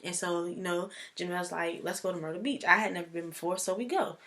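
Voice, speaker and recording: A young woman vlogging casually, telling a personal story in a chatty, animated way. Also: fairly low pitch, fairly quick.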